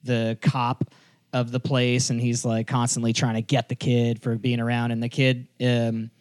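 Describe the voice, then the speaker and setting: A man's voice: medium pitch, monotone, moderate pace, a little mellow, clean tone, no room sound. A man in a casual film chat, easygoing and explaining at length.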